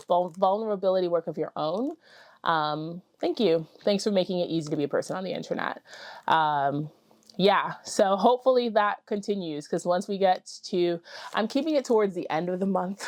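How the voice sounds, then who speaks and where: A woman's voice: fairly low pitch, no echo. Woman, fiber-craft vlogger; gushing, chatty, dry close sound. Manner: excitable, gushing, apologizes for screaming; chatty with many fillers. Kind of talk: casual chat to camera.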